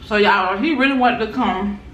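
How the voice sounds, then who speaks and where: A woman's voice: mid-range voice, moderate pace, a bit bright. A woman hosting a casual food chat, teasing and laughing often. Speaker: vlogger host. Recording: roomy, from a distance, faint noise.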